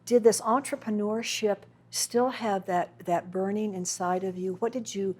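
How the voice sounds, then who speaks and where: Breathy woman interview host. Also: mid-range voice, steady tone, normal speed. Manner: warm, encouraging, many short affirmations. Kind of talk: casual interview chat.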